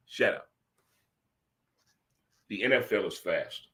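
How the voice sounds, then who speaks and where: Brief: a bright, lively male host of a casual sports talk stream, chatting straight to his viewers and repeating himself for effect. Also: fairly low pitch, slow pace. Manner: animated, repetitive, talks to the audience.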